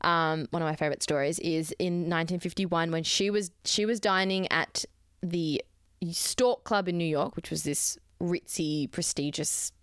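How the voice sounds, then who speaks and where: Smooth-voiced woman telling a story. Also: fairly low pitch, normal speed, hardly any pauses, no echo, studio quality. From Australia. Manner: chatty storyteller, playful asides. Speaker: podcast co-host telling a history story. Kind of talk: casual chat.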